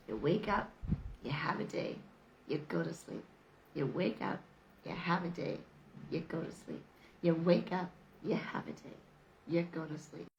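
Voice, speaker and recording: A middle-aged woman gives a chatty motivational talk straight to camera, leaning hard on repeated phrases. Her voice sits a little low and carries a gravelly fry. There is a faint hiss of noise behind her. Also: highs cut off. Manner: emphatic, repetitive, chatty with laughs. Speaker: vlogger.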